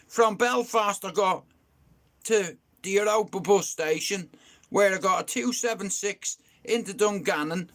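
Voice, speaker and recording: A man's voice: sits high, a bit bright. A young man, telling a rambling story to viewers on a live stream, swearing freely and saying "you know what I mean" again and again. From Ireland.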